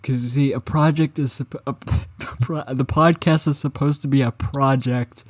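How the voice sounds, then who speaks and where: A teenage podcast co-host chatting casually, hesitant with many fillers and jokingly defensive. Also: male voice, mid-range voice, steady tone, moderate pace. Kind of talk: casual chat.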